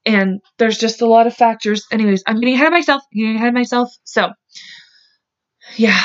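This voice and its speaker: A podcast host retells a true-crime case in chatty, filler-heavy talk that turns emotional and salty, and she swears openly. Her voice is fairly high-pitched, and the recording sounds muffled.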